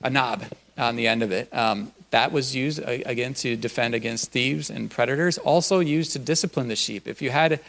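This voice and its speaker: Male pastor, mid-range voice, relaxed conversational sermon with lots of filler words. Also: medium pitch, normal speed, creaky. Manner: conversational and folksy, frequent um and uh. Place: church.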